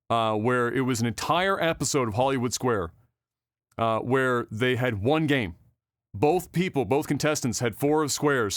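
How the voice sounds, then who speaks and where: A man's voice: medium pitch, no room sound, clean studio sound. A man co-hosting a casual podcast, rambling and swearing freely, with plenty of fillers. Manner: rambling, profane, with frequent fillers. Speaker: podcast co-host.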